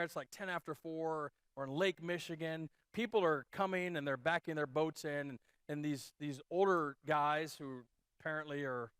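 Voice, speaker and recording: Chatty, animated male pastor telling a story. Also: a little high, clear, resonant tone, dry recording, studio quality. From Iowa, USA. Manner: animated, chatty storytelling with many fillers and restarts. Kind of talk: sermon storytelling. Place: church.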